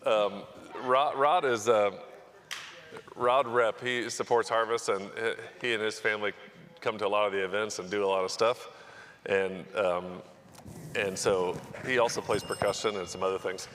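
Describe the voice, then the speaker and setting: A man's voice: on the low side, steady tone, normal speed, a bit bright, slight background noise. A man hosting a live charity event, telling jokes in a loose, chuckling way. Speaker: event host.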